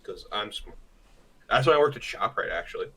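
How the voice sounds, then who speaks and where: A man's voice: lowish voice, fairly quick, slightly rough, rough recording. Young man telling a crude story. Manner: crude, animated, acts out quotes. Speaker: podcast co-host. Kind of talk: casual storytelling.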